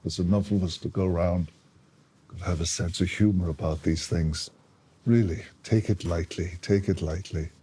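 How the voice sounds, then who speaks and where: Older irish man, deep voice, slow and mellow, husky, reflective interview. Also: fairly even intonation. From Ireland. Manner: slow, reflective, with soft laughs.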